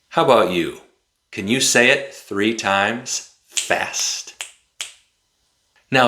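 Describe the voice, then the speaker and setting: A man teaching English pronunciation, articulating each word slowly and carefully. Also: fairly low pitch, bright, forceful tone, echoey room. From United States. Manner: slow, carefully articulated, demonstrative. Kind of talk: slow, clear pronunciation lesson.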